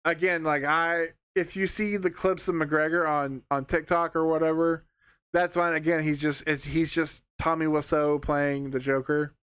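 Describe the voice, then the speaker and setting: A young male movie reviewer rambles through a casual spoken film review, sarcastic and full of fillers and restarts. His voice is a little high for a man, smooth, clear and a bit bright, with a level tone at normal speed. The recording is dry and close, with no room sound.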